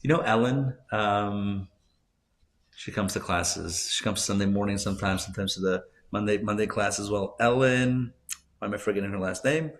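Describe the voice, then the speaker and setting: A man, a rabbi, teaching a live class, telling stories conversationally with asides and self-corrections, his voice swinging between loud emphasis and soft hushed moments. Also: lowish voice, moderate pace. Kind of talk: live class lecture with storytelling. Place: class room at a community center.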